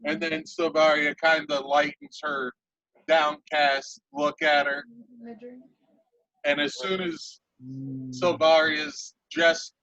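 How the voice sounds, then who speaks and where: A man narrating a tabletop game as game master, unhurried and animated. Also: on the high side, no echo, highs cut off.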